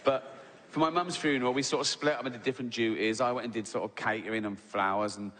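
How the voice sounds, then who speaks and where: A man's voice: mid-range voice, fairly even intonation, fast talker, a bit bright. A man, performing a stand-up comedy set, telling a story and often tagging lines with "right?". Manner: storytelling with frequent "right?" tags and laughs. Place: large theatre on stage. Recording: live hall reverb with audience noise.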